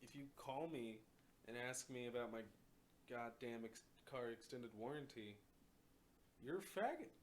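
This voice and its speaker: A man's voice: medium pitch, animated, a little slow, slight background noise. A man hosting a podcast in casual chat, telling rambling, profane stories and often laughing at his own jokes. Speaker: podcast host.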